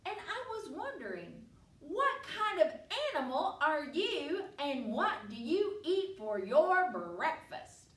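A woman's voice: high voice, big pitch swings, takes it slowly, a bit bright, echoey room, far from the mic, full character voice. Chirpy wide-mouthed frog, put on by a woman. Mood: eager. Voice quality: wide-mouthed, sing-song. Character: curious, chirpy little male frog.

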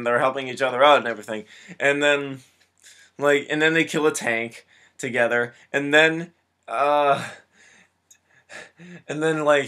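Young man, casual movie recap, rambling, lots of fillers, gets excited. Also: medium pitch. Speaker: film reviewer.

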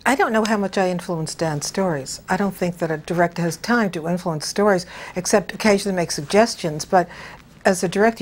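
An older woman who directs television reminisces in an interview, her voice lowish. She tells unhurried anecdotes and chuckles frequently.

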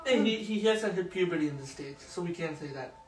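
A man's voice: high voice, expressive, fairly quick, reverberant, recorded from a distance, faint music behind, poor audio. A man in his twenties co-hosting a casual movie commentary, teasing and laughing often. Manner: teasing, laughs often, calls people bro. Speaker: podcast co-host.

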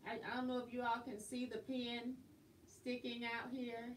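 Woman, high voice, chatty quilting teacher, roomy room, distant mic. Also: completely flat delivery, moderate pace, a little hiss or hum. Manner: chatty, laughs often. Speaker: quilting instructor and host. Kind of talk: casual live-stream tutorial.

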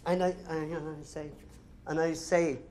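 An actor playing a boastful, jittery French prisoner who stammers in broken English mixed with French, with a French accent. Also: male voice, fairly high pitch, flat delivery, moderate pace, darkish tone, a little hiss or hum, close to an everyday voice. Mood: storytelling. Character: boastful French inmate, jittery and comically tough. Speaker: actor in film scene. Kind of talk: film comedy acting.

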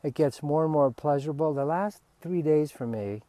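A man, a spiritual teacher, giving a relaxed, candid talk and swearing freely. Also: fairly high pitch, normal speed, no room sound.

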